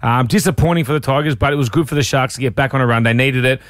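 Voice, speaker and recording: A man's voice: mid-range voice, rapid-fire, dry recording. An Australian man co-hosting breakfast radio, telling cheeky stories in casual sports banter on a studio microphone. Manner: cheeky, animated storyteller. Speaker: breakfast radio co-host, ex-footballer.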